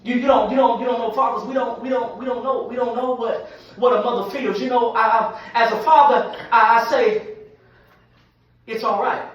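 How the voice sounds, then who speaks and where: A man, preaching an impassioned sermon that repeats phrases and swells into shouts. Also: very high-pitched, steady tone, brisk, muffled recording. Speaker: pastor. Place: large church sanctuary. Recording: echoey church hall from far off.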